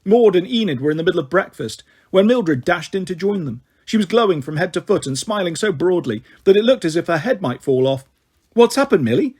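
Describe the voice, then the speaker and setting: A man reading a children's story aloud in a steady, friendly way. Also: high-pitched, brisk, few pauses, slightly rough.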